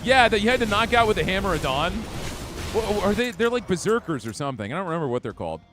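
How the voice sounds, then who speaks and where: Excitable male streamer with hiccups, game music behind. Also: high-pitched, fast. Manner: chatty, reads chat aloud, reacts and laughs. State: has hiccups. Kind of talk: live gameplay commentary.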